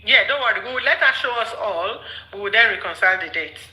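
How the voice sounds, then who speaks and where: Woman, livestream host, very bright voice in an echoey room, steady and firm. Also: medium pitch, quick pace. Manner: firm, explains step by step. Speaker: live stream host. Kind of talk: casual live chat discussion.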